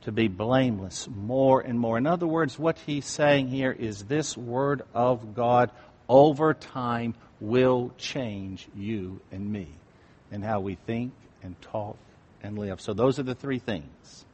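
A male pastor preaching a sermon, swinging from hushed asides to emphatic, rising appeals. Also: medium pitch, slow, husky. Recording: reverberant hall.

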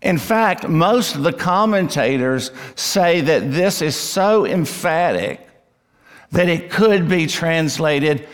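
A male pastor preaching an expository sermon, emphatic and deliberate, rising in pitch on key words. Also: animated. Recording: long reverb of a church hall.

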